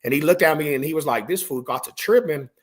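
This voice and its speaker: Husky-voiced man telling street stories. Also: fairly high pitch, fast talker. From Denver, Colorado. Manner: slangy, rambling, peppered with "bro" and "homie". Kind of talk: casual podcast storytelling.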